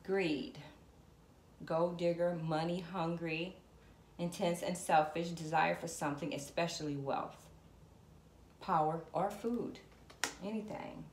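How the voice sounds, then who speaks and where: Low-voiced woman doing a tarot reading. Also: fairly even intonation, slow pace, long pauses. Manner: chatty, talks straight to viewers and to spirit. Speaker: tarot reader. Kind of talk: casual tarot reading to camera. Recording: echoey room with background noise.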